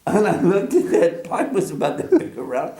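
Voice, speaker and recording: A man in his sixties from the United States, telling a personal story in a casual, animated way, chuckling often and acting out remembered voices. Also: sits high, moderate pace. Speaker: storyteller guest. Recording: roomy echo.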